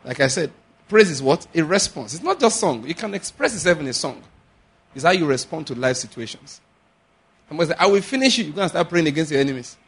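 A man preaching a sermon, animated, acting out little dialogues and slowing to a measured chant on scripture. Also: fairly high pitch, husky. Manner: animated, acts out little dialogues and laughs often. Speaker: pastor.

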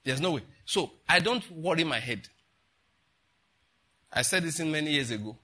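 A man's voice: on the high side, lively intonation, normal speed, pushed and bright, husky. An older man, a pastor giving a chatty, rambling sermon full of rhetorical questions to the congregation. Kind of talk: conversational sermon.

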